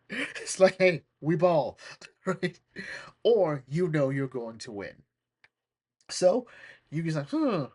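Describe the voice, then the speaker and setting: A podcast host retelling a cartoon episode for laughs, rambling and joking with frequent asides. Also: medium pitch. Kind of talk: comedic cartoon recap.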